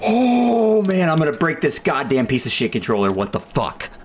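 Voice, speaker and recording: A man's voice: on the high side, huge pitch swings, normal speed, noisy background. A man streaming a hard boss fight, muttering, swearing and venting frustration as he plays. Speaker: gaming streamer. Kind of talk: live gameplay commentary.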